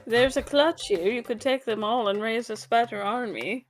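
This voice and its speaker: Lively woman player over music. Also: a little high, normal speed. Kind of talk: casual chat in a tabletop game.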